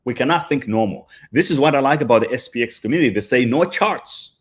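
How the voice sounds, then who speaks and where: A man's voice: medium pitch, expressive, fast, husky. A man hosting a livestream show, chatting in a hyped, slangy way. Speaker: show host. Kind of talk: casual livestream chat.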